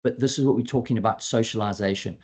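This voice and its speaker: Chatty, animated male dog trainer. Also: on the low side, fast talker. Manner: chatty, animated, acts out clients and dogs. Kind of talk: webinar presentation.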